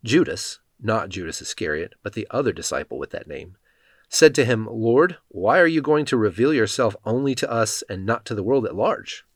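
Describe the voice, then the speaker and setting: A man reads Bible passages aloud in a steady, measured way. His voice sits a little low, and the quoted speech stays in that same plain voice. The sound is close and dry, with no room around it. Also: breathy edge, dry recording. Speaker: scripture reader. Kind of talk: scripted Bible reading.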